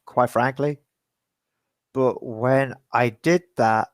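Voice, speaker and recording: Male stream host, slow and dry, rambling and animated, swears freely. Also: mid-range voice, no room sound. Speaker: livestream host and DJ. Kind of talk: casual storytelling to viewers.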